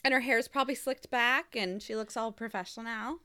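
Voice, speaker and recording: A woman's voice: a little high, brisk, pushed and bright, smooth, dry recording. A woman co-hosting a podcast in casual chat, mostly chiming in with short agreement. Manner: brief agreeing interjections. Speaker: podcast co-host.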